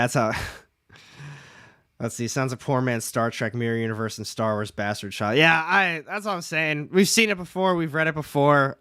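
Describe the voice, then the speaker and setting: A man's voice: mid-range voice, sharp tone, smooth, no room sound, clean studio sound. A young man hosting a casual comics livestream, chatting, reading out the chat and joking at his own expense. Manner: chatty, reads chat aloud, jokes at himself.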